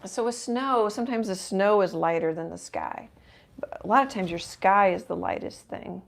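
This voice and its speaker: A middle-aged woman hosting a live painting stream, thinking aloud as she works and often dropping to a soft murmur. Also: medium pitch, lively intonation, normal speed, creaky. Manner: self-deprecating, thinking aloud while working, drops to soft murmurs. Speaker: painting livestream host. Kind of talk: casual live painting chat.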